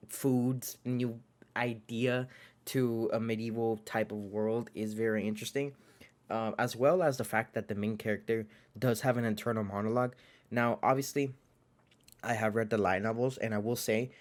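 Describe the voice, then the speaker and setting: Chatty young man reviewing anime. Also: on the low side. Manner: chatty, many filler likes and restarts; excitable, jokey asides. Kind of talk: casual video review.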